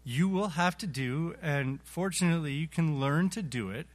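A man teaching an adult Sunday school Bible lesson, halting and repeating words, chuckling as he acts out illustrations. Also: a little high.

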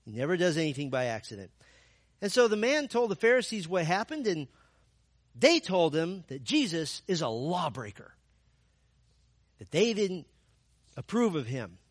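A man's voice: a little high, very animated, normal speed, pauses often, no echo, studio quality. A man preaching a sermon, telling the story with rhetorical questions and emphatic repetition. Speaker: pastor.

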